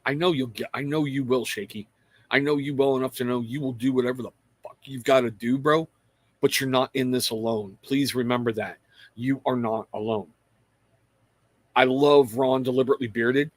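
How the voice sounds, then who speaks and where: A man's voice: mid-range voice, steady tone, normal speed, no echo. A middle-aged man hosting a livestream, chatting casually and rambling to viewers, calling out their names and swearing freely. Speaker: livestream host.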